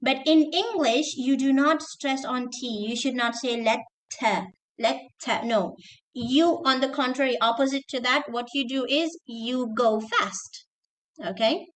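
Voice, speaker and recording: A woman teacher giving an online lesson, repeating words slowly to drill pronunciation and mixing in Arabic terms. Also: sits high. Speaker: teacher trainer.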